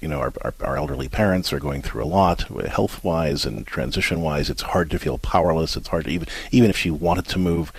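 A low-pitched man hosts a call-in advice show, his voice husky and a little rough. He talks earnestly, stumbling and restarting phrases as he works through his counsel. The sound is dry and close, with no room around it. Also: no room sound, low-quality recording. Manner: earnest, halting with many restarts. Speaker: radio host and counselor.

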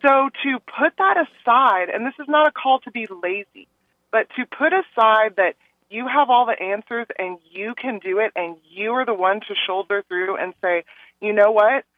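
A woman calling into a radio show, talking earnestly and rambling a little, acting out other people's words in animated asides. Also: a little high, normal speed, no echo. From Texas. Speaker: caller. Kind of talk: call-in radio chat. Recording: tinny phone line.

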